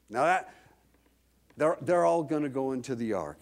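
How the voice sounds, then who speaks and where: A man preaching a sermon, reading scripture dramatically and telling a lively personal story. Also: mid-range voice, moderate pace, long pauses.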